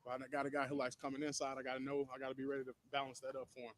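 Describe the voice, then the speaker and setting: A man's voice: mid-range voice, monotone, racing. A man, a professional football player, earnestly explaining his approach in an interview, with many "you know" fillers. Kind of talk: answering interview questions.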